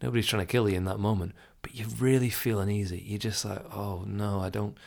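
Speaking quickly with a lowish voice and vocal fry, a self-help speaker reflects on overthinking in a casual advice talk to the listener. He chuckles occasionally and dramatizes what goes on in his head.

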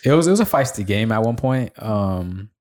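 A man's voice: lowish voice, animated, normal speed, darkish tone. A man co-hosting a podcast, telling a laid-back story with casual swearing and frequent laughs. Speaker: podcast co-host. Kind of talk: casual chat.

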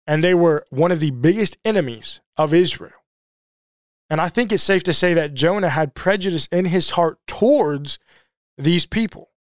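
A man teaching a sermon-style Bible study in a slightly high voice. He speaks earnestly, presses his points through repeated phrases and rhetorical questions, and the sound is close and dry with no room echo. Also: lively intonation, normal speed. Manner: leans hard on repeated phrases.

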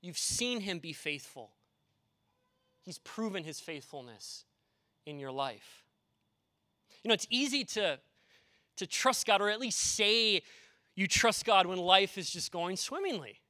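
A man's voice: high-pitched, animated, unhurried, long pauses, bright, forceful tone, no echo. A man, a pastor, preaching a conversational sermon in an earnest way, with personal stories and rhetorical questions.

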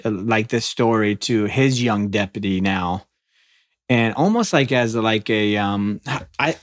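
A man's voice: mid-range voice, dry recording, clean studio sound. Laid-back man rambling about comics. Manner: rambling, lots of fillers. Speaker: podcast co-host. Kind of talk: casual chat.

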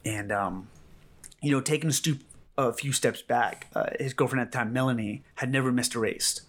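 A man, a rescue medic, giving a calm first-hand account in an interview, halting and full of fillers and repeats. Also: mid-range voice.

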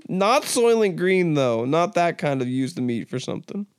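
A young man with a smooth, clear voice sitting a little high for a man, riffing through a comedy monologue. He rambles and curses, swinging into mock-serious asides. The sound is dry and close, with no room around it. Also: no room sound. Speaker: podcast host.

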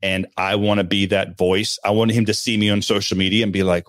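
A man's voice: fairly low pitch, steady tone, normal speed, hardly any pauses, no room sound. A man speaking as a podcast guest in casual chat, candid and earnest, with self-deprecating humor.

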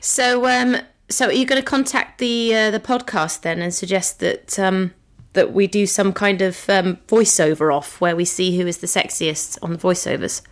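A woman's voice: medium pitch, normal speed, few pauses. A woman co-hosting a podcast, chatting casually and teasing her co-host. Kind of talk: casual chat.

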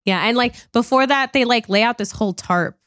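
In a dry, studio-quality recording, a young female podcast co-host talks fairly quickly in a fairly high, somewhat bright voice. She's chatty as she reviews a film, laughs a lot, and acts out lines, including a quote with a swear in it.

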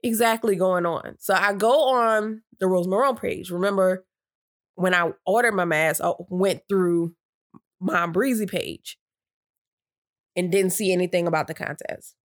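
A woman casually telling a story, chatty and full of fillers, acting out her own reactions in a higher voice. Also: unhurried.

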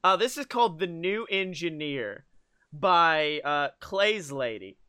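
A man's voice: fairly high pitch, animated, takes it slowly, sharp tone, smooth. A young man co-hosting a comedy podcast, reading fan fiction aloud and breaking off to laugh and joke. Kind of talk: comedic dramatic reading with put-on voices.

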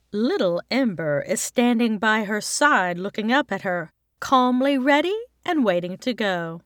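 A woman from Texas, an author reading her own short story aloud in an even, clear way. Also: mid-range voice, a little slow, hardly any pauses, no room sound, studio quality. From Texas, United States. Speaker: author and narrator. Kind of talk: scripted storybook narration.

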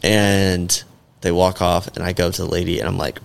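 Man, very low voice with vocal fry, rambling and profane, casual podcast story. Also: flat delivery, brisk.

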